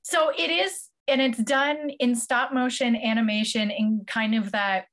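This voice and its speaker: A woman co-hosting a casual podcast chat, telling a story with animated quoted voices. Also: on the high side, a little slow. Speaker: podcast co-host.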